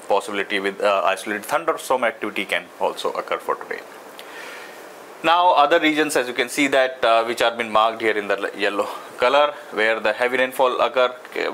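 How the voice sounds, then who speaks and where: A man with an Indian English accent presenting an official weather briefing, speaking haltingly with frequent "uh" fillers and restarts. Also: mid-range voice, bright, forceful tone, a little hiss or hum, low-quality recording.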